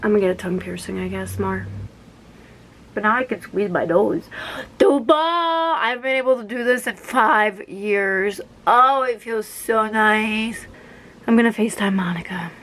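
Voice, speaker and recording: A woman's voice: mid-range voice, lively intonation, a little slow, fairly bright tone, a little hiss or hum. A woman of twenty-one chatting to camera as a vlogger, rambling and correcting herself as she goes. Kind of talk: casual chat to camera.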